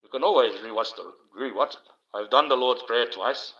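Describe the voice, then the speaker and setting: Bright-voiced rambling livestream host, man. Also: mid-range voice, normal speed. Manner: rambling, swearing, chatty banter. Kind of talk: rambling casual livestream chat. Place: home livestream, alone. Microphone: low-placed desk mic. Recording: dull lo-fi stream audio.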